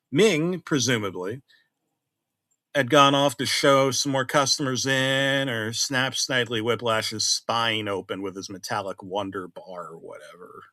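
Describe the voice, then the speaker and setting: A middle-aged man narrating a horror story in a conversational way, swinging between loud exclamations and hushed asides. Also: medium pitch, no echo, studio quality.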